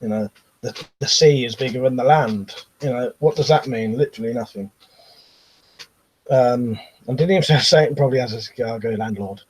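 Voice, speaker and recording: A British man hosting a casual live stream, reading out viewer comments and chatting with a laugh, often trailing off into quiet asides. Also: medium pitch, normal speed, husky, low-quality recording. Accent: British English. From Britain.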